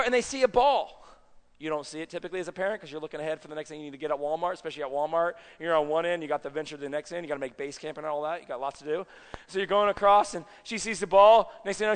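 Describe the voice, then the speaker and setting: A man preaching a sermon in a chatty, animated way, often checking that his audience is following along, in a church sanctuary. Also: high-pitched, in a large hall. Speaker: pastor.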